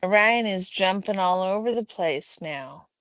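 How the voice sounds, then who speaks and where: A woman hosting a casual livestream at home, chatting and reading out viewers' messages in a relaxed way. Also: medium pitch, a little slow, no echo. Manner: relaxed, reads chat aloud, chatty asides. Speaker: livestream host. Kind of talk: casual chat with live chat.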